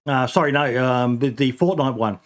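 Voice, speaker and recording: Brief: male podcast host, mid pitch, chatty and rambling, a loose hesitant delivery. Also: moderate pace. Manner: rambling, many ums and restarts, swears casually. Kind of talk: casual podcast chat.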